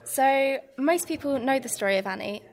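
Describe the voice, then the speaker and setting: A woman's voice: sits high, animated, normal speed. A woman interviewer asking friendly questions and laughing along with her guests. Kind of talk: casual interview.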